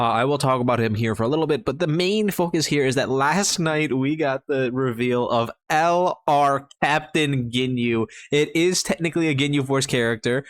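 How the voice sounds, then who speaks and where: A man's voice: mid-range voice, dry recording, studio quality. A young man who is sick, giving casual, rambling commentary on a mobile game card, enthusiastic and full of fillers and restarts. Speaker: mobile game content creator.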